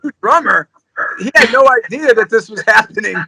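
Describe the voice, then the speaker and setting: A man's voice: high voice, brisk, gravelly, sharp tone, no room sound, poor audio. A man, a drummer, telling stories in a casual interview, rambling and laid-back, peppering his talk with "you know" and "man.".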